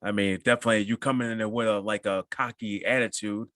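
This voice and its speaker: Guy hosting a podcast, low-ish voice, dry room, quick reactions. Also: fairly even intonation, fairly bright tone, no room sound. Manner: short reactions and laughs. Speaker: podcast host. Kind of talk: casual interview chat.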